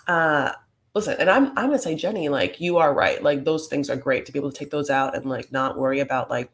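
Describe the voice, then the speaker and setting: A man's voice: a little high, brisk, a bit bright. A man hosting a comedic reality TV recap, talking in a rambling, campy way full of fillers.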